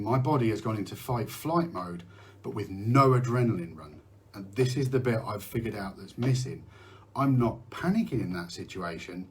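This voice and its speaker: Candid rambling man on mental health. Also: medium pitch. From United Kingdom. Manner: candid, rambling, swears, restarts and drifts off topic. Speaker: host. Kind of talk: casual live talk on mental health.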